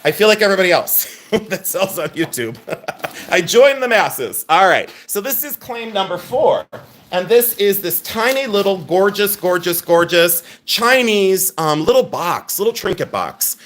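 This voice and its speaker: A man hosting a live online jewelry sale, loud, excitable and chatty, with a habit of teasing himself. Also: sits high, unhurried, a little hiss or hum. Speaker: livestream jewelry seller. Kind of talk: live online sales pitch.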